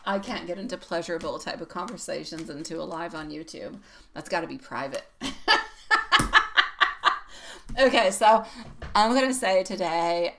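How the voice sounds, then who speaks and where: A woman's voice: on the low side, a bit bright, a little hiss or hum. A woman reading tarot on a live stream, chatty and affectionate, laughing often and calling viewers sweetie pie. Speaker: tarot reader.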